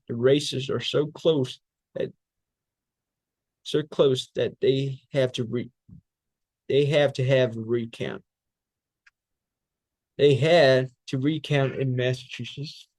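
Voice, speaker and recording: A man's voice: medium pitch, a little mellow, no room sound. Man reciting a fiery political speech. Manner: fiery oratory with rhetorical questions and repetition. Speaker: public speaking student. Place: speech training class.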